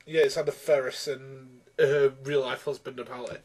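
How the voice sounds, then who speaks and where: A man's voice: medium pitch, level tone, moderate pace, a little mellow, breathy edge. A man ranting through a film review, exasperated and rambling with many restarts.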